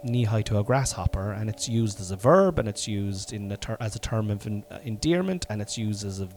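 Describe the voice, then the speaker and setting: A middle-aged Irish man hosting a podcast from home while sick, coughing now and then, rambling and swearing, with sudden loud bursts. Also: fairly low pitch, animated, a little fast. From Ireland. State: sick with covid, congested and coughing. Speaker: podcast host. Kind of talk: casual solo podcast monologue.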